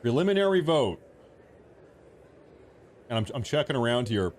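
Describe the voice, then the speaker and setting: A man's voice: mid-range voice, big pitch swings, moderate pace, darkish tone, a little hiss or hum. A man hosting a political livestream from home, talking casually, joking and repeating himself as he rambles. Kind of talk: casual live commentary.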